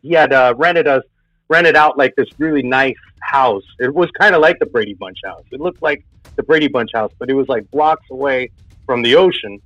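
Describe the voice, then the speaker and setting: A man's voice: mid-range voice, normal speed, fairly bright tone, no room sound. A man telling a personal spooky story in a casual, rambling way, full of filler words. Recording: dull lo-fi sound with faint music.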